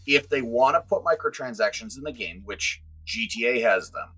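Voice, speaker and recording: A man's voice: mid-range voice, animated, normal speed, bright, forceful tone. A man co-hosting a gaming podcast in casual chat, ranting about game prices in an opinionated way. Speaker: podcast co-host.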